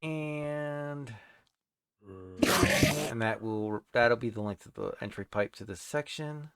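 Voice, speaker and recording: This man speaks slowly at a medium pitch while streaming a building game. He rambles in a casual way and talks to the creatures on screen, and there's loud background noise.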